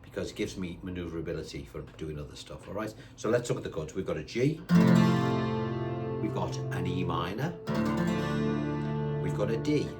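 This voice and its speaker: Low-pitched and animated, the older man speaks at a moderate pace with long pauses. He's teaching beginners guitar in a chatty way, counting beats aloud to the strumming of his own acoustic.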